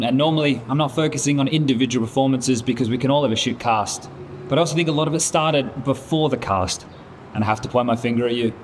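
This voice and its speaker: A caster angrily scolding a colleague, swearing a lot. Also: male voice, medium pitch, slight background noise.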